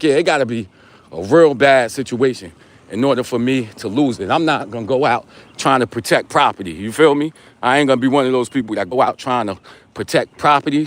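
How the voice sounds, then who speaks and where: A man in his forties with a New York accent, casually chatting on a live stream while walking and teasing viewers in street slang. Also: mid-range voice. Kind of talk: casual live-stream chat reading comments.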